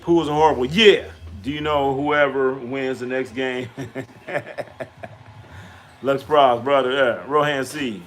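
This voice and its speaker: A man's voice: mid-range voice, fairly even intonation, slow, long pauses, a bit bright. A middle-aged man hosting a casual live stream, trash-talking, repeating himself and answering chat questions aloud.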